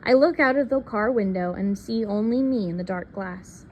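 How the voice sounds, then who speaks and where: A woman reading a picture book aloud in a soft, unhurried storytelling manner. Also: medium pitch, a little hiss or hum. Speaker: reader.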